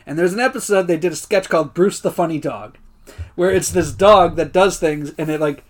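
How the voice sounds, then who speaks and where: Animated male podcast co-host. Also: on the high side, brisk. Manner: animated storyteller, acts out quotes, laughs often. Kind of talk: casual chat.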